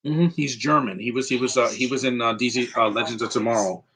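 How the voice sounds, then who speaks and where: A man giving casual live movie commentary, rambling and answering viewers' questions with quick opinions. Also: medium pitch, steady tone, fairly bright tone, slightly rough, poor audio.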